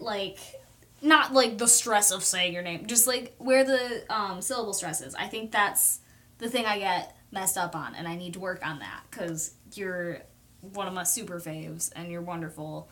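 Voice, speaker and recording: A young woman with a slightly high voice chats loosely through a painting livestream. She talks through each step, reads viewer comments aloud and teases herself in a relaxed, self-deprecating way. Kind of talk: casual livestream chat while painting.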